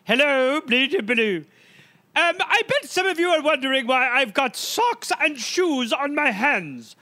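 A man's voice: extremely high pitch, lively intonation, measured pace, bright, forceful tone, no room sound, heavily acted. A man voicing a silly, childish male senator who spouts nonsense sounds in a comedy podcast bit. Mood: goofy.

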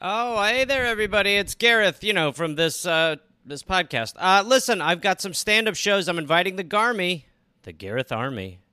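A comedian co-hosting a podcast, talking in a jokey, animated way. His voice sits a bit high and bright, with a lively, bouncing pitch, recorded dry and close on a studio mic. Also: normal speed, smooth, no echo. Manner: jokey, animated, breaks into laughs. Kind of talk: casual comedic chat and ad read.

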